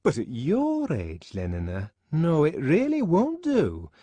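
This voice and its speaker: A man reading an audiobook, voicing a prim, gossiping young woman who scolds in a shrill, sing-song way. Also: huge pitch swings, slow, mellow, slightly rough, dry recording, exaggerated voice. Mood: earnest.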